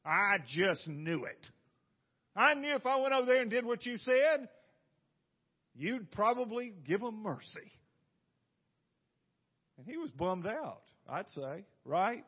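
High-voiced folksy preaching man. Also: very animated, slow pace, long pauses, slightly rough, muffled recording. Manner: folksy, asks the room rhetorical questions. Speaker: pastor. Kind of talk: conversational sermon.

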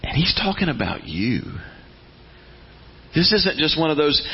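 A man delivers a folksy sermon, slipping into the voices of God and of struggling believers. His husky voice sits a little high and swoops widely as he speaks. The recording sounds dull and lo-fi. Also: huge pitch swings, unhurried, long pauses. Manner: folksy storytelling, acts out voices of God and churchgoers. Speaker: preacher.

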